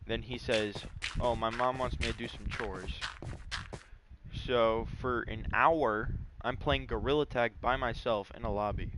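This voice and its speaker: A man's voice: medium pitch, steady tone, a little slow, noisy background. A man chatting casually over gameplay, telling a rambling story with lots of fillers. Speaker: gaming YouTuber.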